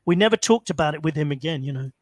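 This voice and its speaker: Male call-in host, high-pitched, close dry mic, loose storytelling. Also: expressive, rapid-fire, dry recording. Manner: rambling, many fillers and restarts. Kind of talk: casual storytelling.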